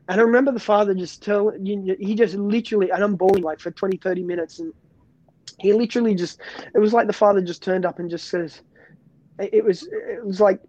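A man's voice: high-pitched, fairly even intonation, quick pace, darkish tone, dry recording, highs cut off. A man, a pastor, giving an earnest personal faith testimony in an interview, often restarting and repeating words.

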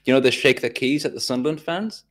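A man's voice: mid-range voice, quick pace, fairly bright tone. A man from the North East of England with a coastal Tyneside accent, chatting casually on a podcast and often restarting his sentences. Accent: North East English, Tyneside coast. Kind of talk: casual chat.

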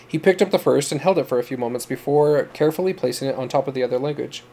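Mellow male storyteller. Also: mid-range voice, quick pace. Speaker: narrator. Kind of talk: scripted audiobook narration.

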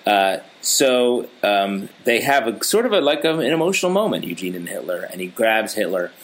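Low-voiced joking man recapping a show. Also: sing-song, normal speed. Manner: joking, easygoing, drifts into silly riffs. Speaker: podcast co-host. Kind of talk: casual TV recap chat.

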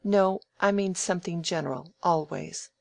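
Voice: medium pitch, normal speed, creaky, no room sound, natural voice. A reader voicing a frank, teasing young woman. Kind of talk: audiobook dialogue reading.

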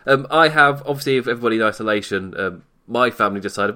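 A man's voice: medium pitch, fast, bright, forceful tone. A young British man hosting a wrestling podcast from home, chatty and self-deprecating, laughing often while he talks. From Britain. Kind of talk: casual solo commentary. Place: at home in isolation. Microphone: desk mic off to one side.

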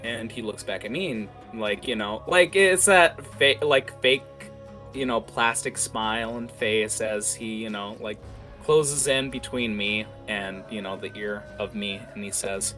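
A man's voice: fairly low pitch, measured pace, pushed and bright, soft background music. A man narrating as game master in an improvised tabletop session, rambling with many fillers and restarts.

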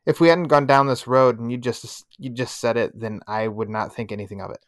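A man speaking as a podcast guest in relaxed, friendly casual chat. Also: mid-range voice, brisk, no room sound, clean studio sound.

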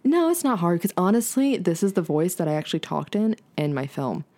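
A young woman from the Southern United States co-hosts a casual podcast in a low, relaxed voice. She peppers her talk with "like" and keeps an easy, unstrained tone. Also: brisk. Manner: relaxed, lowered speaking voice, lots of "like". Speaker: podcast co-host. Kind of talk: casual chat.

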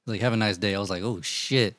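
Low-voiced guy telling a wild story fast, cussing, doing everybody's lines. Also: no echo. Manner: profane, animated storytelling, acts out quotes. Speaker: storyteller among friends. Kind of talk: casual chat, telling stories.

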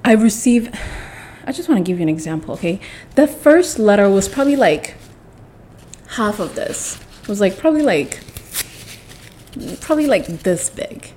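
A woman's voice: medium pitch, expressive, moderate pace, darkish tone. A young woman with a mixed accent, telling a rambling, blunt story to camera in a casual vlog. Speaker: vlogger.

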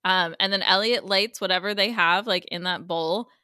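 A woman in casual podcast chat, summarizing a TV episode scene by scene. Her voice is bright and forward, recorded dry and close with no room sound. She slips into quick impressions of the characters as she tells it. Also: medium pitch, smooth, no echo. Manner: animated storyteller, acts out characters' lines. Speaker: podcast co-host recapping a TV episode.

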